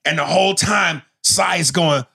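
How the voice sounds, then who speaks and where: A man in casual chat, animatedly recapping a TV show, with profanity and loud outbursts. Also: on the high side, normal speed, vocal fry, slightly rough.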